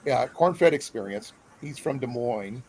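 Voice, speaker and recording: Man host, rambling and friendly, mid-pitched, faint background hiss. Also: lively intonation, measured pace, a little mellow, poor audio. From Iowa. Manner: rambling, friendly, full of fillers. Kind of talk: casual live-stream chat.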